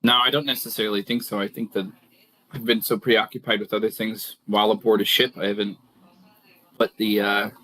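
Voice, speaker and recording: Joking male player, low voice. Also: little pitch movement, brisk, bright, forceful tone, low-quality recording. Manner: joking, playful. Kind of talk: casual tabletop play.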